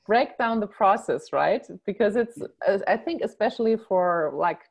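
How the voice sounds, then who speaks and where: A woman's voice: mid-range voice, lively intonation, moderate pace. Enthusiastic woman hosting a call. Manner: enthusiastic, affirming. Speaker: host. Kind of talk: casual conversation on a call.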